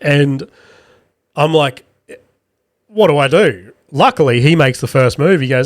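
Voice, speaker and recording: A man, hosting a podcast and telling a crude, self-deprecating story in a casual, animated way. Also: on the high side, a little slow, dry recording, clean studio sound. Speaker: podcast host.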